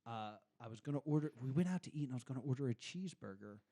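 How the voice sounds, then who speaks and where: A man in a casual podcast chat, telling a personal story in a voice that rises and falls widely. He swears freely and acts out the lines of the people in his story. His pitch sits in the middle for a man. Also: very fast. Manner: animated, swears, mimics voices in his anecdotes. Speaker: podcast guest.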